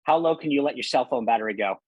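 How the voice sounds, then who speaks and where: A middle-aged man hosting a casual podcast interview, animated, laughing often and restarting his sentences. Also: mid-range voice, racing, no room sound. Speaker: podcast host. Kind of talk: casual interview with rapid-fire questions.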